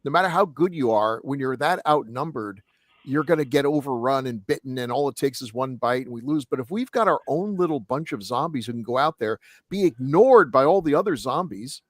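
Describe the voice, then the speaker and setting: A man's voice: medium pitch, expressive, a little fast, no room sound, studio quality. A man co-hosting a casual film review podcast who lays out his arguments at length. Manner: expansive, argues points at length. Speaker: podcast co-host.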